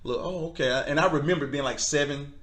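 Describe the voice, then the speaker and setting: Animated man telling a personal story. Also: fairly high pitch, a little fast. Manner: animated, acts out quoted voices, laughs often. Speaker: guest. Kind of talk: storytelling testimony.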